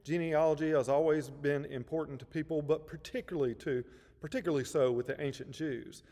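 A man preaching a Sunday sermon in a measured, emphatic way, building his points through repetition. His voice sits somewhat high for a man, and the church adds a long reverb behind every phrase. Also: steady tone, warm tone. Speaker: pastor. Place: church sanctuary.

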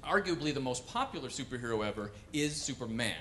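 A man performing wry, animated stand-up comedy on a cultural center stage. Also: mid-range voice, quick pace, a little hiss or hum. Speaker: comedian and pianist.

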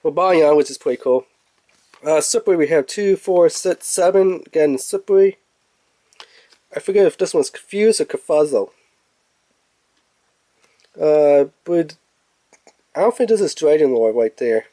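Young man, toy review, rambling and chatty, slightly high voice, dry close recording. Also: expressive, unhurried, pauses often, mellow, dry recording. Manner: rambling, chatty, laughs at own jokes. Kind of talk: casual unboxing review.

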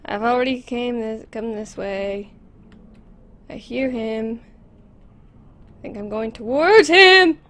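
A woman commenting on a horror game as she plays it, close to a desk microphone, nervous and repeating words in quick bursts. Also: on the high side, steady tone, darkish tone. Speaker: gameplay commentator.

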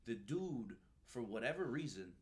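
A man telling stories from his time as a recruiter in a relaxed, animated way, peppered with slang and swearing. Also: medium pitch, normal speed. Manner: animated, swears freely, says "dude" and "bro" often. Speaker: guest, former Marine recruiter. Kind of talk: casual storytelling.

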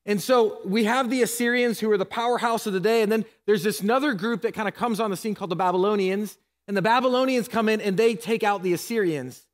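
A man's voice: sits high, fast, few pauses. A married man preaching a sermon as pastor, earnest and emotional, asking his listeners hard rhetorical questions. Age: adult, married. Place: church sanctuary. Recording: long church hall reverb.

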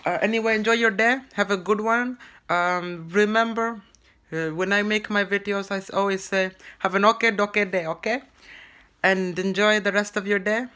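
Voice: medium pitch, steady tone, moderate pace, pushed and bright, clean tone. A vlogger rambling through a comedic monologue in character, using a put-on broken English delivery with constant stammered restarts.

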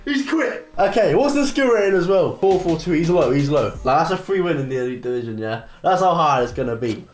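Excitable young man, high lively voice. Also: fast talker, hardly any pauses. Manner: excitable, bursts into shouting and repeated cheers. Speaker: gaming creator. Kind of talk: live gameplay commentary. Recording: roomy echo with faint music.

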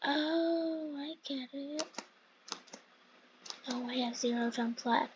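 A woman's voice: high-pitched, slow, lo-fi sound, a little hiss or hum. A woman hosting casual game commentary at home, chatty and rambling as she plays. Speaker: gaming channel host.

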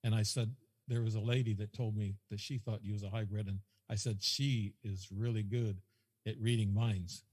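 A man's voice: on the low side, flat delivery, moderate pace, a little mellow, husky, big-room sound. A man as a podcast guest, telling a rambling story that repeats itself and quotes whole conversations. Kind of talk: casual storytelling.

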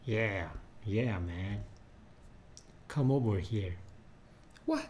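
A man talking casually into a studio microphone at home, hesitant and slow, acting out facial expressions as he tests them. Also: medium pitch, lively intonation, a little mellow, a little hiss or hum. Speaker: 3D animation hobbyist.

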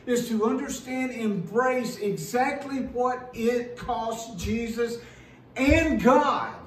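High-voiced preacher, slow and echoey. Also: male voice, recorded from a distance, slight background noise. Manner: earnest, emphatic preaching with slow pauses and repeated words. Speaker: pastor. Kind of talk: sermon.

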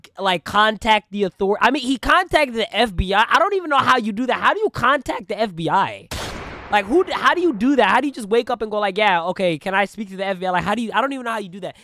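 A man's voice: high voice, fast, no room sound. Slangy young man reacting to a video. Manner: slangy, animated, swears often. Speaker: reaction channel host. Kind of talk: casual reaction commentary.

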